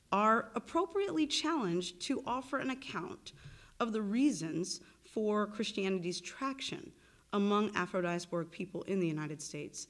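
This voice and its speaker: A woman lecturing at a university, reading a formal academic paper in a measured way with occasional self-corrections. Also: on the low side. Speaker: visiting lecturer and research associate. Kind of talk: academic lecture read from a prepared text.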